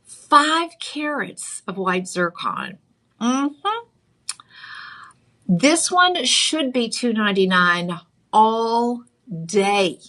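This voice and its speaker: A middle-aged woman hosting a live home shopping show, giving a chatty, playful sales pitch and calling viewers honey. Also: expressive, drawn-out words, long pauses, bright, forceful tone. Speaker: shopping channel host.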